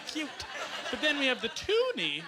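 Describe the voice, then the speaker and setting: A man performing an excitable, jokey stand-up comedy set on stage with a handheld mic, his voice rising to shouts. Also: very high-pitched, a little slow, a crowd in the background. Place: comedy stage before a live audience. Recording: loud live audience noise.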